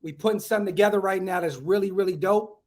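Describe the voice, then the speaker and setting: A man hosting a casual livestream podcast outdoors at home, talking in hyped slang and giving shout-outs to viewers. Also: high-pitched, fast talker. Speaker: podcast host.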